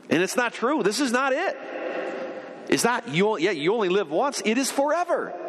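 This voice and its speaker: Pastor guy preaching, kinda high voice, gets worked up and emphatic, big echoey church hall. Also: a bit bright. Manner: earnest, emphatic preaching with rising intensity. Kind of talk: sermon.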